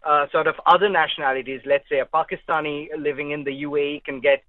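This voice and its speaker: A man's voice: a little high, steady tone, fast, no echo. A man from India, a travel journalist, chatting as a radio guest on a phone line, rambling with many ums and the odd joke. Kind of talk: casual radio interview.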